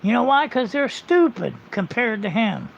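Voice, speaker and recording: Gravelly, high-voiced man ranting profanely. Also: big pitch swings, moderate pace, a little hiss or hum. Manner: profane, rambling, blunt. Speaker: livestreamer. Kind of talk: casual ranting monologue. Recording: muffled lo-fi livestream audio.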